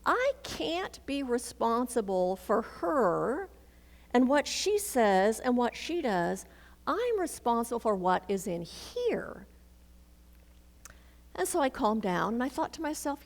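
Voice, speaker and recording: A woman's voice: fairly high pitch, normal speed. A woman minister giving a sermon, telling a personal story and acting out the dialogue in it. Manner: storytelling, animated, acts out dialogue. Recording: reverberant hall.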